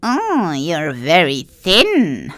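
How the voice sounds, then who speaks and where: Cruel old storybook witch, drawn-out and dry, voiced by a woman. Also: low-pitched, huge pitch swings, fairly bright tone, dry recording, heavily acted. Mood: menacing.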